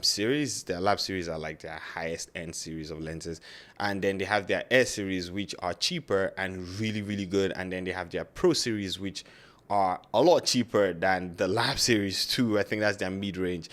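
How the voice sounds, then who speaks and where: Man with a very low voice and a non-native English accent, loose and chatty, full of fillers and self-corrections, a gear vlogger talking straight to camera. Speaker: photography YouTuber. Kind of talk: casual talk to camera.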